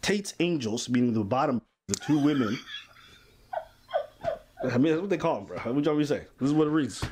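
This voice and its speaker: A man's voice: mid-range voice, lively intonation, a little fast, long pauses, noisy background. A man hosting a podcast, giving emphatic casual commentary on a legal case. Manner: emphatic, reads quotes aloud in dramatized voices. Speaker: podcast host.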